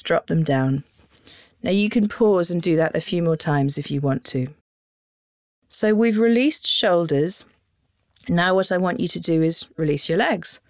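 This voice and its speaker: A woman, calmly guiding listeners through voice warm-up exercises as a voice coach and demonstrating the sounds herself. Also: on the low side, dry recording, studio quality. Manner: calm, instructive, demonstrating sounds.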